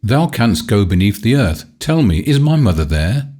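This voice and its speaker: A man's voice: fairly low pitch, very animated, normal speed, warm tone, breathy edge. A man voicing a proud, cruel boy who speaks in hard, scornful archaic phrases in a storybook reading. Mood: remorseful.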